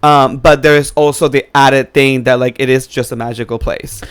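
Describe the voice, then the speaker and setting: A man co-hosting a podcast in casual chat, talking fast and loose with lots of "like" and swearing as he gives advice. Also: mid-range voice, steady tone, clean tone. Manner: chatty, profane, giving advice with lots of "like". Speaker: podcast co-host. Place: New York City.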